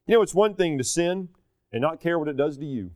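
Animated, high-pitched man preaching. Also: dry recording, clean studio sound. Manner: swings between emphatic peaks and slow quiet asides. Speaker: pastor. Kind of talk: sermon.

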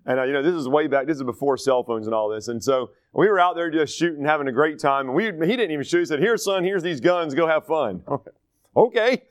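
A man's voice: a little high, animated, fast, dry recording. A man from North Carolina, teaching a Bible study in a conversational, digressive style full of stories. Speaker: pastor.

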